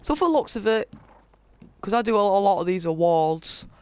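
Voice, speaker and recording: A man hosting a gaming video, casually reading through a list of in-game items with many halting fillers. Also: high-pitched, big pitch swings, darkish tone, smooth. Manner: reads off item lists, halting with frequent fillers. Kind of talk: casual game walkthrough commentary.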